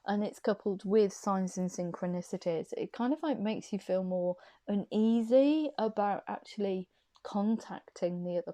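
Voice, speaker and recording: Woman with an English accent, casual tarot reading, relaxed mellow tone, rambling chatty delivery. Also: medium pitch. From Warwickshire, England. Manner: chatty and rambling, laughs often. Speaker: tarot reader. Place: her own reading room at home.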